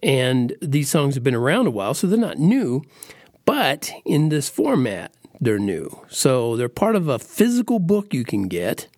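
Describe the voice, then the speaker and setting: A man's voice: medium pitch, sing-song, a little slow, a little mellow, dry recording, clean studio sound. A man hosting his own podcast, talking in a playful, chatty, casual monologue. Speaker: podcast host.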